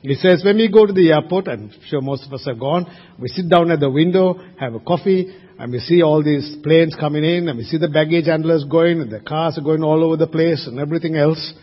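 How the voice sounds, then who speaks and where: A man's voice: on the high side, a little fast. A man preaching a sermon at a church service, emphatic and asking his congregation rhetorical questions. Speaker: pastor. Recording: reverberant hall, muffled sound.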